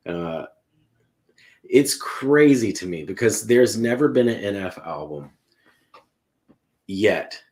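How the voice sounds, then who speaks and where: A man with a very low, deep voice chats about music on a podcast. He talks in an earnest, emotional way and rambles, restarting his sentences often. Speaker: podcast panelist ranking songs. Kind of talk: casual music discussion.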